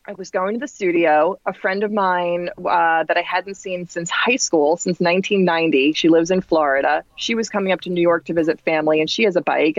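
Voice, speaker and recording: A woman in her forties from New Jersey tells a story as a podcast guest, with lively, chatty pacing. She shifts her pitch up to act out the people she quotes. The audio is dull and dry, like a lo-fi podcast recording. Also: dry recording. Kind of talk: casual storytelling anecdote.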